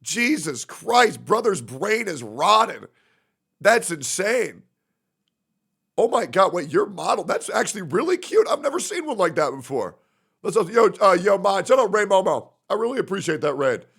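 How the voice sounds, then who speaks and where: A man's voice: high voice, sing-song, moderate pace, creaky, fairly bright tone, slightly rough. A man livestreaming, ranting in a profane, sarcastic way. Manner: profane, sarcastic, acts out mocking impressions. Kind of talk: livestream rant.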